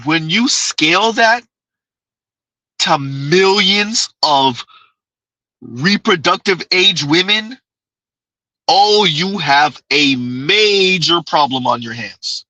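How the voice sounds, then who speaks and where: Bright, crisp-voiced male commentator. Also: fairly high pitch, expressive, slow, long pauses, no echo, rough recording. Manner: emphatic, conversational, repeats key phrases. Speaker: commentary channel host. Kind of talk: casual commentary reacting to clips.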